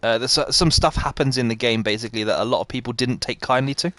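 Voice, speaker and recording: Mid-range in pitch, bright and forceful, this man speaks at a quick clip. He plays a game on a live stream and chats casually, picking out viewer comments and responding as he goes.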